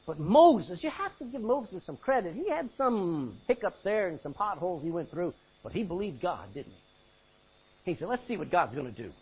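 Preacher man with animated, husky voice. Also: high voice. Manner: reads scripture then preaches with sudden loud outbursts. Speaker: pastor. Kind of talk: sermon. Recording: muffled lo-fi recording.

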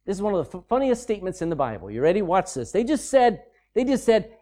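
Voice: medium pitch, big pitch swings, brisk, hardly any pauses, a little mellow. A preacher giving a sermon, reading scripture aloud and explaining it in a conversational, folksy way.

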